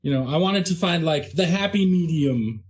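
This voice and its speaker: A man's voice: fairly high pitch, expressive, moderate pace. Self-deprecating man explaining casually. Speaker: actual-play podcast cast member. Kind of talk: casual group chat.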